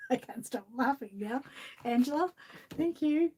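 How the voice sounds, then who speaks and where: A woman's voice: high voice, normal speed, a little mellow, slight background noise. A woman with an Australian accent, chatting casually with lots of laughter and reading a children's picture book aloud. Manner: giggly, chatty, often laughing. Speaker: channel host. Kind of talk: casual chat and storybook reading.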